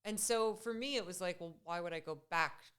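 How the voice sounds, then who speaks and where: Chatty woman with a smooth, low voice. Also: brisk, fairly bright tone. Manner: chatty and upbeat, laughs often. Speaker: podcast guest. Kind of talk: casual interview chat.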